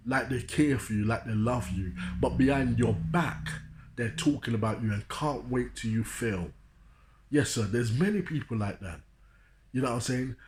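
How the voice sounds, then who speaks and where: A man's voice: medium pitch, slight background noise. A man from London with a London accent, giving a preachy motivational talk and repeating "you know what I'm saying". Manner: addresses listeners like a preacher. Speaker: street speaker.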